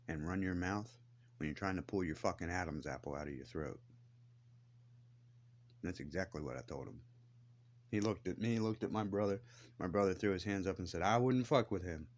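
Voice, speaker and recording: A man's voice: sits low, normal speed, pauses often, a little mellow, highs cut off, slight background noise. A man ranting to the camera in a blunt, defiant way, swearing heavily as he tells his grievances. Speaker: vlogger. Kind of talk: angry profane rant to camera.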